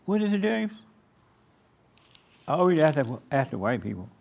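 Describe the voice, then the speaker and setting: A man preaches a sermon to a small church gathering, his raised voice running with a gravelly rasp. He hammers home short commands again and again and drags out key words slowly for weight. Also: a little high, sing-song, darkish tone. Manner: emphatic, repeats short commands. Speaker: pastor. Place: church meeting room.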